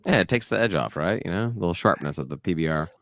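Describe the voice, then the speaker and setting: A man's voice: low-pitched, expressive, fast talker, background noise. A man from the American South co-hosting a podcast, joking, blunt and opinionated. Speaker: podcast co-host. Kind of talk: casual banter.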